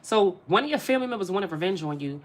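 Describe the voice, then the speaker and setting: Talking quickly with lively intonation in a mid-range voice, a tarot reader gives her viewers a casual spiritual reading, speaking to them directly and repeating phrases for emphasis.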